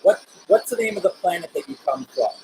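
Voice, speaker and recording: A man hosting a live paranormal show, questioning spirits during a spirit box session in halting, curious bursts with frequent restarts. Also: high-pitched, animated, a little mellow, slight background noise, rough recording.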